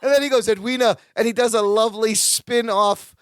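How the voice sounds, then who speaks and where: A man's voice: sits high, fairly quick, a bit bright, clear, resonant tone, dry recording, clean studio sound. A man co-hosting a podcast, playfully recapping a sitcom episode and laughing often. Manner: playful, laughs often while retelling scenes. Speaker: podcast co-host.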